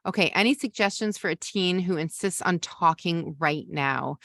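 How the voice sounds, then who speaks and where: Brief: woman parenting coach, lowish voice, dry close sound, chatty live Q&A. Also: normal speed, a bit bright, dry recording. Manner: conversational, reads viewer questions and answers off the cuff. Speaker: parenting coach and podcast host. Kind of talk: live masterclass Q&A.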